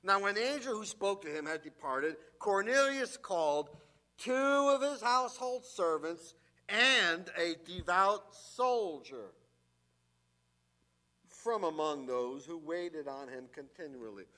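Male pastor, higher voice with a bright edge, reads scripture and adds wry asides. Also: animated, slow pace. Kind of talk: sermon with scripture reading.

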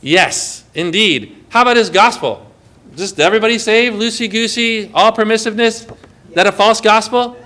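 A man preaching a sermon, lively and emphatic, asking the congregation questions. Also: high voice, moderate pace.

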